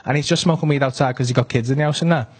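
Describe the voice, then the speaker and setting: A man with a Northern English accent doing stand-up storytelling, animated and sweary, full of conversational asides. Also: medium pitch, very fast, heavy background noise. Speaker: stand-up comedian.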